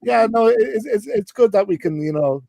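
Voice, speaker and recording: A man's voice: sits high, expressive, a little fast, vocal fry, a loud crowd. A man dropping in as a panel guest, speaking politely and hesitantly with stumbles. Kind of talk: casual chat.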